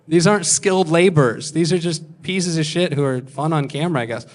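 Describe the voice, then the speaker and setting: Self-deprecating, rambling stories with plenty of swearing come from a stand-up comedian in his thirties. He talks briskly in a fairly high voice.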